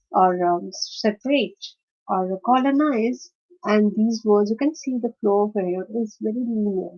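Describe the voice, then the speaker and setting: A woman teaching a phonetics lesson, hesitant with many fillers and self-corrections, spelling out letters and slowly stressing example words. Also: medium pitch, warm tone. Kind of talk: phonetics lecture. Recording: slightly dull lo-fi sound.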